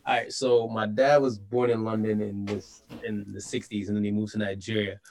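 A man's voice: lowish voice, moderate pace, low-quality recording. Chatty man telling soccer stories. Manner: animated, filler-heavy storytelling. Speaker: podcast guest, soccer show host. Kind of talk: casual chat.

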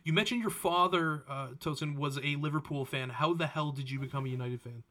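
A man with a fairly high, bright voice co-hosts a casual podcast chat. He often trails off and restarts his sentences, then asks his guest questions. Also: a little fast. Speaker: podcast co-host.

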